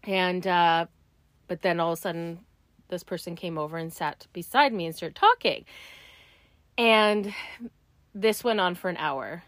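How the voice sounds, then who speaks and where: A woman chatting casually, telling stories with many fillers and putting on animated voices for the people she quotes. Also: lowish voice, measured pace, pauses often, no echo. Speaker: client sharing stories. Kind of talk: casual chat.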